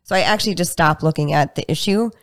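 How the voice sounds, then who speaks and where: A woman guest in a casual interview, talking about her work and acting out patient conversations in livelier voices. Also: quick pace. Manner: animated, acts out patient dialogue in higher voices. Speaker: guest practitioner.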